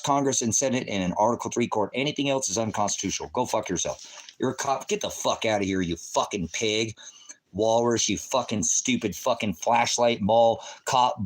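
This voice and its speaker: A combative man rants at his livestream chat, cursing heavily and rambling from point to point. His mid-range voice jumps from loud outbursts to low muttering. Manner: swings between shouting and muttering. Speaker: livestreamer running a ministry channel. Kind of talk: angry livestream rant at chat.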